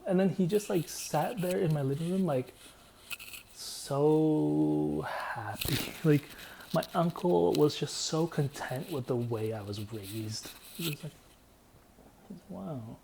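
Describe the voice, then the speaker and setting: A man telling long, meandering stories in a deadpan, repetitive way. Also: fairly high pitch, takes it slowly, gravelly, a little hiss or hum. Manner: meandering, deadpan, repeats himself. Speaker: vlogger. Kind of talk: rambling storytelling monologue.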